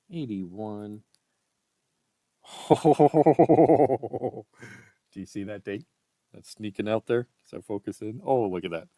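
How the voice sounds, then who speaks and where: Slow low-voiced man reading coin dates. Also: no room sound. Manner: reads dates aloud one by one, often quietly, with excited exclamations. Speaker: coin roll hunting vlogger. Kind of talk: casual commentary while sorting coins.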